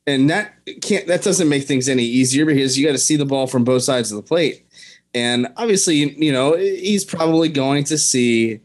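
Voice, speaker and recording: A man co-hosting a sports podcast, speaking in a measured way with many "you know" fillers. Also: mid-range voice. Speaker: podcast co-host. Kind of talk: casual sports talk.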